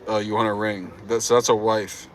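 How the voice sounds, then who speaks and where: A young man in his twenties holds a casual live stream from a city street at night, answering viewers in a playful, teasing way, full of slang. His voice sits low. Faint traffic hums in the background. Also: little pitch movement, normal speed. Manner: playful, teasing, slangy with lots of dude and bro. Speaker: livestreamer.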